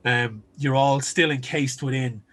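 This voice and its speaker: A man's voice: medium pitch, fairly even intonation, a little slow, fairly bright tone. A man hosting and running a tabletop game, talking in a loose, chatty way with lots of ums. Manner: chatty, filler-heavy, loose delivery. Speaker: game master and host. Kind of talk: narrating a tabletop game, casual chat.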